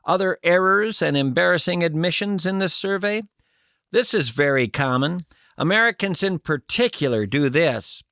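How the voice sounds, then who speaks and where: A man's voice: a little high, a bit bright, no room sound. A man hosting a talk radio show, giving comic commentary on the news in a dry, wry manner.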